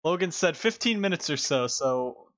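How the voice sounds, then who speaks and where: A man's voice: on the high side, lively intonation, normal speed, fairly bright tone, muffled recording. A man hosting a casual live stream through a headset, rambling and laughing often. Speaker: stream host.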